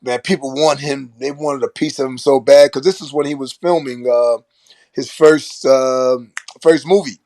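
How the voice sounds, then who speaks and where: Older man from Brooklyn spinning animated stories. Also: mid-range voice, moderate pace, dry recording. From Brooklyn, New York. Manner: animated storyteller who acts out quoted lines and laughs often. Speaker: former basketball player and coach, interview guest. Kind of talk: casual interview storytelling.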